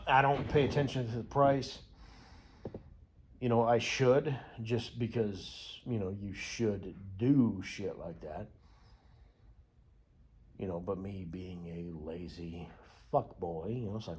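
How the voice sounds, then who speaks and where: A man's voice: fairly low pitch, expressive, slow pace, long pauses, darkish tone, slightly rough. A young American man telling a rambling, profane story with lots of fillers and restarts. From United States. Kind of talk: casual rambling monologue.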